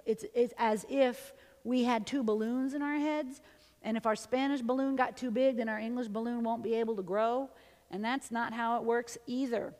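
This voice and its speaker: A woman's voice: on the high side, in a large hall. A woman linguist giving a conversational symposium lecture. She switches between English and Spanish and keeps checking in with "okay?" and "right?". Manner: lively, often ends points with "okay?" or "right?". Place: university lecture hall.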